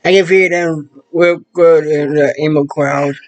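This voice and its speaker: A man chatting casually to the camera as a vlogger, rambling in halting, loosely strung phrases. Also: on the high side, fairly even intonation, poor audio.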